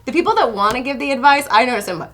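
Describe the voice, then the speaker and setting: Animated woman co-host acting out quotes. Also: high voice, racing, crowd noise. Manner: animated storyteller who acts out quotes, swears freely. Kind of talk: casual panel chat.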